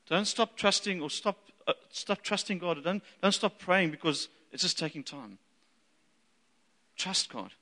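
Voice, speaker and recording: A man preaching a sermon as a pastor, animated and acting out the voices he quotes. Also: a little high. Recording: long reverb of a large hall.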